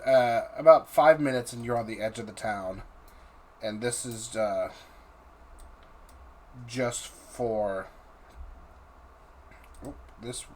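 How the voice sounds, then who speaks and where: A man narrating a tabletop game as game master, pausing and restarting often. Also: medium pitch, a little mellow. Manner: halting, with restarts and fillers. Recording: faint background noise.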